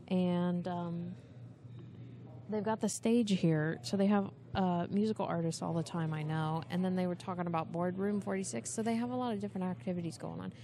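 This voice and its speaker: Chatty woman hosting a quiz, mellow voice. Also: fairly low pitch, steady tone, normal speed, a little hiss or hum. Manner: chatty, upbeat, laughs easily. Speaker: podcast host running a movie quiz. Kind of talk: casual chat. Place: couch area of a busy bar and venue.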